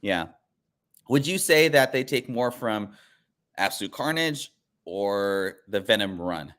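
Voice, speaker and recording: A man's voice: lowish voice, animated, takes it slowly, a bit bright. A man hosting a comic book show, chatting casually with lots of fillers and restarts. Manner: rambling, frequent filler words and restarts. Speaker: comic book channel host. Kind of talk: casual chat.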